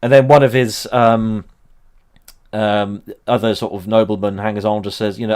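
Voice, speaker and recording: A man's voice: fairly low pitch, level tone, normal speed, a little mellow, clean tone. A man in his thirties hosting a casual livestream about history, rambling with lots of ums and laughing often. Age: 30s. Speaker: history channel host.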